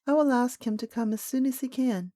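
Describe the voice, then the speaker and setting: A woman voicing a small princess girl who speaks quietly and with composure. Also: high voice, brisk, no echo, pitched above the performer's own voice, close to an everyday voice. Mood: calm dignified. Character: little princess girl, calm and dignified.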